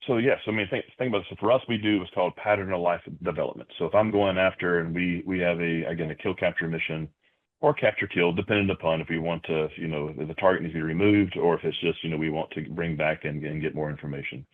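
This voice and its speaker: A man talking as a podcast guest in conversational interview answers, measured and full of "you know" and repeated words, heard over a tinny remote line. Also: deep voice, steady tone.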